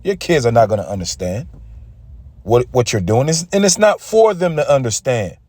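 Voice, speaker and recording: A man's voice: medium pitch, big pitch swings, normal speed, a little mellow. A man giving an intense, casual religious rant, often stumbling and repeating himself. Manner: intense, repetitive, stumbling over words.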